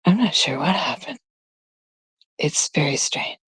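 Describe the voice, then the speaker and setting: A woman's voice: low-pitched, measured pace, long pauses, slightly rough, no room sound. A woman from Canada hosting her own livestream, talking in a gossipy, confiding, rambling way. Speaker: streamer, host of her own show. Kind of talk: casual livestream chat.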